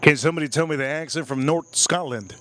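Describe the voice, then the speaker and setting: A man chats casually on a live stream while tasting whiskey, repeating words with playful emphasis. His voice sits a little on the high side for a man. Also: fast, a bit bright, a little hiss or hum. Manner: repetitive, playful, talks to chat. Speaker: livestream host reviewing whiskey.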